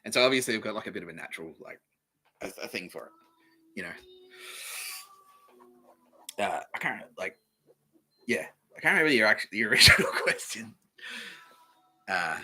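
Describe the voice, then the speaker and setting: On poor audio, a young podcast host from Australia delivers a loose comedic monologue with swagger, frequent swearing and lots of laughter. His pitch is fairly low, his tone sharp and slightly rough.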